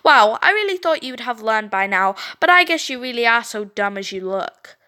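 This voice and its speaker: A woman's voice: on the high side, big pitch swings, moderate pace, bright, forceful tone, smooth. A woman reading the lines of a spiteful teenage cheerleader bully in a mocking, sing-song way.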